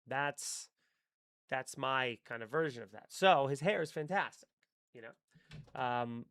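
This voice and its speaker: A man hosting a live stream, chatting casually and excitably with his viewers and swearing freely. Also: medium pitch, takes it slowly, no room sound.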